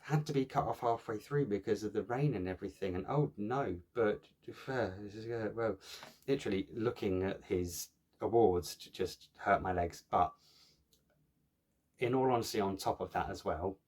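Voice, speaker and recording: A man's voice: lowish voice, moderate pace, darkish tone. A man chatting casually to camera as a cross-stitch vlogger, joking at his own expense and filling gaps with lots of ums and restarts. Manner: chatty, jokey, self-mocking, many fillers.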